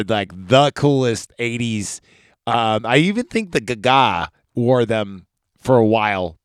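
A man's voice: on the low side, a bit bright, no room sound. A man hosting a podcast, recapping a movie in a laid-back, chatty way that rambles into digressions and swearing. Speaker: podcast host.

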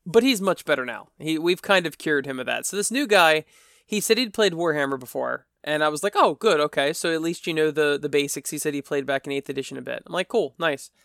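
A man's voice: a little high, animated, a little fast, creaky, a bit bright, no room sound, studio quality. A man hosting a casual solo podcast, telling a story in a chatty, rambling, wry way. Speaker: podcast host.

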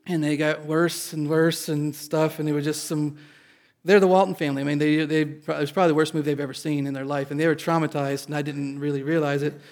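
A male pastor from Indiana telling an audience a personal story in an animated, self-deprecating way. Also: a little high, fast talker.

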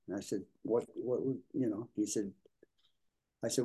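An older man, an Episcopal priest, answering interview questions in a halting way, repeating words and leaning on fillers. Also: lowish voice, level tone, dark tone. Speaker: Episcopal priest, prison minister.

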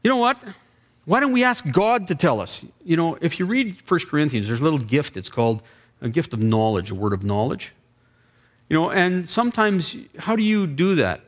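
Animated pastor telling a story. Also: male voice, fairly high pitch, normal speed. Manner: animated storyteller acting out dialogue, chuckling. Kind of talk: sermon storytelling.

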